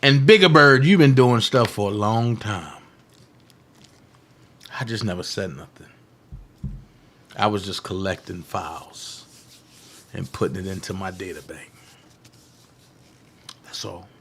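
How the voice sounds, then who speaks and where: A man hosting a political livestream, delivering a heated, defiant monologue that taunts his critics, repeats phrases for emphasis and swings from loud outbursts to hushed asides. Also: fairly low pitch, measured pace, long pauses, a little hiss or hum.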